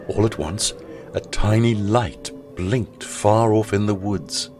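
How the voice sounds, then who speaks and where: A man, a school chaplain, narrating a children's story in an expressive storytelling manner. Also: lowish voice, takes it slowly, music in the background.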